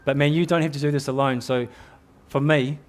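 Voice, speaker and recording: Earnest middle-aged New Zealand preacher, slightly high male voice, exhorting sermon delivery. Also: fairly even intonation, brisk. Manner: earnest, exhorting, repeats words as he builds.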